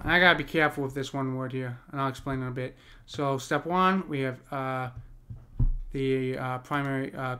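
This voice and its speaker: In a relaxed screen-share lesson, a poetry teacher with an American accent works through poetic meter, thinking out loud with many fillers and false starts. His mid-range voice comes across as pushed and bright.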